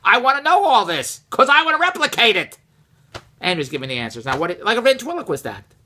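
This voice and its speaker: A man telling a casual personal story, rambling and repeating himself, rising and getting louder when exasperated. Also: sits high, fairly quick. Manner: animated, rises and gets louder when exasperated.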